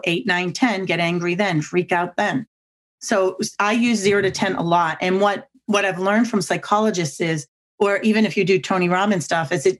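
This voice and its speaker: A woman speaking as a podcast guest, telling lively anecdotes and acting out other people's lines with big jumps in pitch. She talks emphatically and comes back to her own catchphrases. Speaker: guest speaker on body language. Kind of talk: animated storytelling on a podcast.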